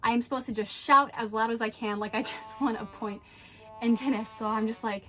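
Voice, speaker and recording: A young woman with a slightly high voice tells a story for her vlog, lively and quick to laugh. She acts out the voices of the people in her story as she goes. Soft music plays faintly under her. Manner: animated, acts out quoted voices, laughs often. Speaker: vlogger. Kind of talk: casual storytelling.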